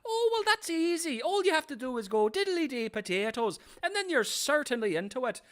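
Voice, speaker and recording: A man mimicking a boastful Irish male villain in a high, sing-song mock-Irish accent. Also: very animated, a little fast, fairly bright tone, exaggerated voice. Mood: smug.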